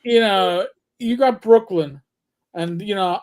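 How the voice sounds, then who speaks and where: Slow-talking New York man. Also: high-pitched, fairly even intonation, darkish tone. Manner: rambling, halting, full of restarts. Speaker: podcast co-host. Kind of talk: casual chat.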